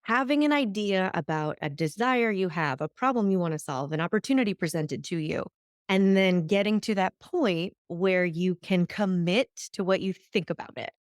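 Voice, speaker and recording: Lively woman hosting a solo podcast. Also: lowish voice, normal speed, no echo, clean studio sound. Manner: animated, acts out quoted voices. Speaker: podcast host.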